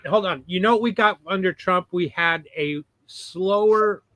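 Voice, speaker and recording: A man's voice: high-pitched, a little slow, bright, forceful tone, no room sound. A man in a casual podcast discussion who cuts in and presses his point with emphasis. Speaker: podcast panelist.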